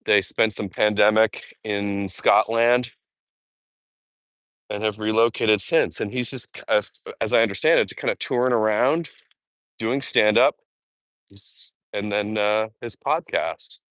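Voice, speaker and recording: A man's voice: lowish voice, slow, fairly bright tone, clean tone, no echo. A man chatting casually on a live walking vlog outdoors in a park, rambling with fond asides. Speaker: vlogger.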